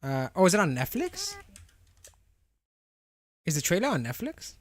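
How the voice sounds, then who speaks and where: A young man with a high voice and wildly swooping pitch talks a little slowly on a dry recording, casually chatting with his stream viewers. Rambling and chatty, he laughs, restarts frequently, and has a slight lisp on R and W.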